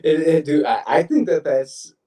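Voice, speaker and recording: A man chats loosely on a podcast, swearing freely and laughing often. His voice is mellow and relaxed, and it sounds roomy and echoey. He sits some way back from the mic. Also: on the high side, normal speed. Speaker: podcast co-host. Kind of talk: casual chat. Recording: roomy echo from a distant mic.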